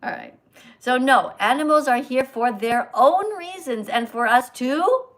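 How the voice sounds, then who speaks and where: An older woman hosting a livestream, lecturing and correcting a reader's pronunciation slowly and sternly. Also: sits high, lively intonation, fairly bright tone. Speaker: host, vegan teacher. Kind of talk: livestream reading lesson.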